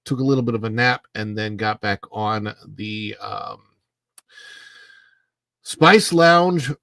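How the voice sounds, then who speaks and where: Middle-aged male livestream host, sleepy, rambling chat, gravelly tone, dry close clip-on mic. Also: on the low side, bright, forceful tone, no room sound. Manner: chatty, rambling, sleepy and unhurried, with fillers. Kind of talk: casual livestream chat, reading viewer comments. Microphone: clip-on mic under his face.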